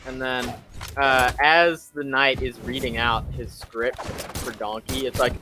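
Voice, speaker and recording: A man's voice: medium pitch, fairly even intonation, measured pace, music in the background. A young man hosting, casually retelling a film plot in rambling fashion, full of fillers and self-corrections. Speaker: host.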